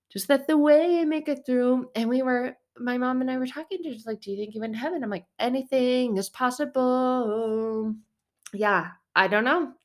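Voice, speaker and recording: A woman in her thirties shares her faith in a loose, rambling monologue. Her voice sits at an ordinary middle pitch, and she gets animated as she speaks, sometimes slipping into short sung lines. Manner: animated, rambling, breaks into song. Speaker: vlogger. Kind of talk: casual faith talk.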